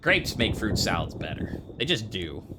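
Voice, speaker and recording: A man's voice: low voice, sing-song, moderate pace. Guy rambling while he plays a game, jokey asides, voice jumps around a lot, hissy background noise. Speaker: game player. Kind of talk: casual let's-play commentary.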